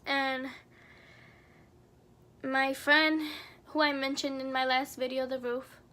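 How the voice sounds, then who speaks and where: Young adult woman, storytime vlogger; high, level delivery, earnest and somber. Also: little pitch movement, slow pace, pushed and bright. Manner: earnest, somber retelling with many fillers. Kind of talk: storytime narration.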